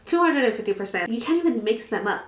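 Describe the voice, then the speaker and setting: A woman in her twenties telling a dramatic storytime vlog, animated and full of swearing. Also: fairly high pitch, fast. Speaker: vlogger. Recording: echoey room.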